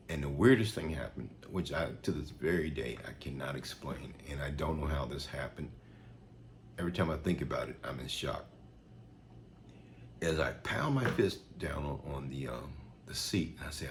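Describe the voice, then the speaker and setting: A man's voice: a bass voice, a little slow, a little hiss or hum. A man earnestly retelling a personal faith experience, repeating himself with restarts and fillers. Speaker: storyteller. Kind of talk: personal testimony storytelling.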